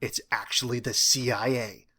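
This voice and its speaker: A wisecracking teenage boy who spins wild theories, as a man reads him in an audiobook. He talks in a playful, conspiratorial way. The voice is bright and lively. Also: medium pitch, normal speed.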